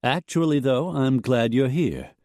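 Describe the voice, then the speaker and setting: A man's voice: mid-range voice, lively intonation, unhurried, darkish tone, dry recording, studio quality, voice pushed up. A man voicing a cold, clipped widowed woman who owns a ranch.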